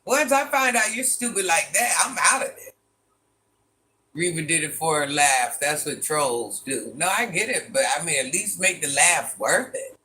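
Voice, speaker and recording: A man, chatting casually on a livestream, animated and exasperated, firing off rhetorical questions and laughing often. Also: fairly high pitch, moderate pace. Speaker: livestream host reading chat.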